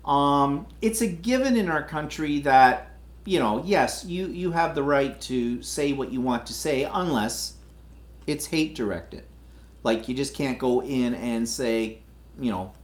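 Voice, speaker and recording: Man, casual rambling rant, indignant, middle-range voice, roomy echo. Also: mid-range voice. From Canada. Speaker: livestream host. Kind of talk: casual opinionated monologue.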